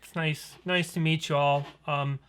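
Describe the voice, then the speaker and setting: A man's voice: fairly high pitch, fairly even intonation, a little slow, a bit bright, smooth. A man describing his tabletop character, hesitant with many fillers. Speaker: player.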